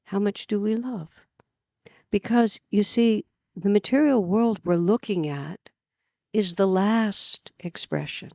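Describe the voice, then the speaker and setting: A woman from California giving an earnest spiritual talk at a retreat, telling stories with lively emphasis. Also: mid-range voice, slow pace, no room sound, clean studio sound. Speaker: spiritual teacher. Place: retreat gathering.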